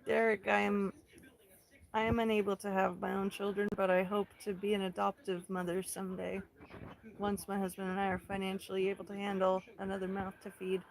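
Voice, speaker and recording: A woman in her thirties from Central California hosts a casual livestream. She talks in a calm, unhurried way and answers viewer comments one by one. Her voice is middle-pitched with a steady gravelly fry. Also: poor audio. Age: 30s. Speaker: livestream host.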